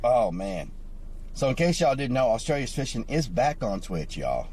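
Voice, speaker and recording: A man's voice: mid-range voice, sing-song, moderate pace, darkish tone, husky. A man streaming live outdoors near water, chatting casually with his viewers.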